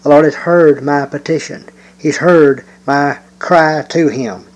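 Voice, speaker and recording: A man teaching a Bible lesson, explaining verses in a measured way with occasional hesitant fillers and reading scripture aloud slowly. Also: fairly high pitch, fairly even intonation, poor audio.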